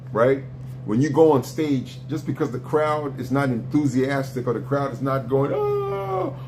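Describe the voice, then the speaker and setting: A man lecturing hard on a live stream, blunt and profane, his pitch jumping up when he presses a point. A faint hiss of noise sits under his voice. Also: a little mellow. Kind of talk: heated argument on a live stream.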